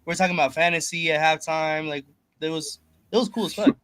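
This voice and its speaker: Chill guy on a sports podcast, a bit higher voice, swears a lot. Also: quick pace, fairly bright tone. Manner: laid-back, profane. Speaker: podcast co-host. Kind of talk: casual podcast chat.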